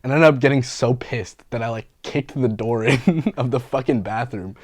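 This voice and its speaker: A young man from the Bay Area tells stories in a loose, slangy, swear-heavy way, laughing often. His pitch sits in the middle. The sound is dry and close, with no room echo. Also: normal speed. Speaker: graffiti artist and painter. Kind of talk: casual storytelling interview.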